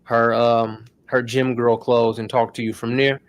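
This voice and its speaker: A man's voice: medium pitch, flat delivery, measured pace, clear, resonant tone, dry recording. A man hosting a casual tech tutorial stream, talking loosely in slang to his viewers. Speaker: host.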